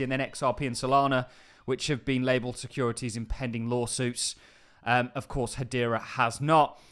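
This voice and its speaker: A man hosting a crypto channel, giving casual market commentary in an enthusiastic, emphatic way with frequent offhand asides. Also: a little high.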